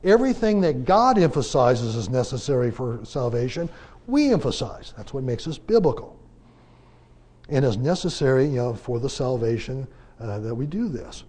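A man teaching a Bible class in a conversational preaching style, asking rhetorical questions and pressing his points with emphatic swings in loudness. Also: medium pitch, sing-song, a little slow, slightly rough.

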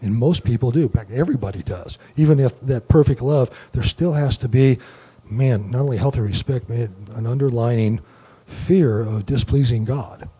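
A man giving a relaxed Bible study lecture, explaining word meanings and thinking aloud with many fillers. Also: medium pitch, moderate pace, slightly rough. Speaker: Bible teacher.

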